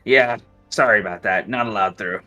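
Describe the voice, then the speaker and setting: A man's voice: lowish voice, moderate pace, sharp tone, soft background music, pitched below the performer's own voice. A man voicing a small, nervous male kobold guard who stammers politely. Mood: flustered.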